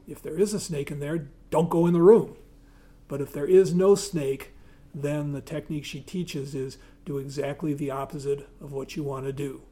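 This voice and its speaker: A man giving a talk, partly reading aloud and partly speaking freely with hesitations, and often clearing his throat. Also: a little high, warm tone. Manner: reads aloud, then speaks with hesitations and fillers.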